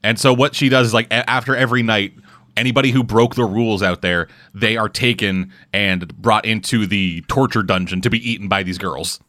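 Bright-voiced man, profane chatter. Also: fairly low pitch, a little fast. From Canada. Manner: profane, animated storytelling. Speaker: podcast co-host. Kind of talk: casual chat.

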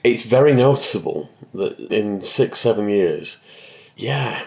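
Deep-voiced man chatting about old TV. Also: lively intonation, measured pace, gravelly, darkish tone. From England. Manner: chatty and reflective. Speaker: podcast host. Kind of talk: casual review chat.

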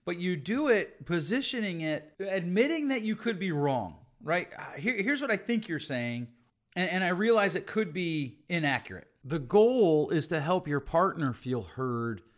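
A man's voice: high-pitched, sing-song, normal speed. A middle-aged man and relationship coach giving an earnest teaching talk that he fills with sample dialogues. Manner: earnest, explains with example dialogues.

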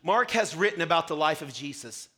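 High, bright-voiced young male pastor preaching. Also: a little fast. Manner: animated storytelling, acts out his childhood self. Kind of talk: sermon. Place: church sanctuary.

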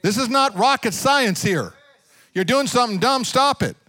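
High-voiced preacher telling a story. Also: male voice, moderate pace. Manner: animated storytelling, direct questions to the congregation. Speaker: pastor. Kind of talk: sermon.

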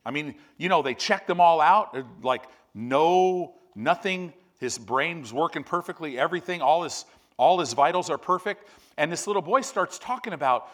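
A man preaching a sermon. He tells stories with lively, loud bursts and then drops to low, quiet emphasis. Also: moderate pace.

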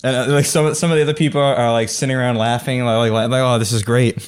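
A man's voice: medium pitch, fairly even intonation, fast talker, clean tone. Amused young man running the game. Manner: rambling, amused, many restarts. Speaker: game master. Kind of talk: tabletop game narration.

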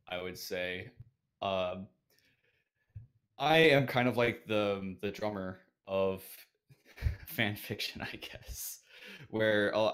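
A man's voice: deep voice, fairly bright tone. A man being interviewed as a podcast guest, answering casually with many fillers and self-deprecating remarks.

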